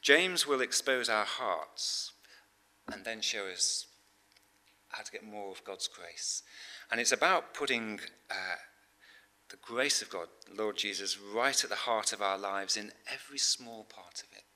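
A middle-aged man preaching a sermon in a conversational storytelling way, with fillers and frequent throat-clearing. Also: lowish voice, a little slow, pushed and bright.

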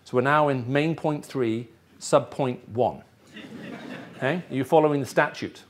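A mid-range voice at a moderate pace, with a little hiss or hum in the audio, comes from a middle-aged man with an English accent who grew up in the Middle East. He is preaching a teaching sermon to a live audience and often checks in with them.

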